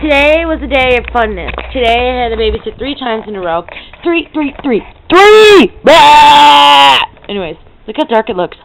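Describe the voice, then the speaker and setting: A woman's voice: fairly high pitch, fast, few pauses, slight background noise, poor audio. A teenage girl chatting to a webcam at home, hyper and giggly, rambling and breaking into silly noises. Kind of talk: casual chat to camera.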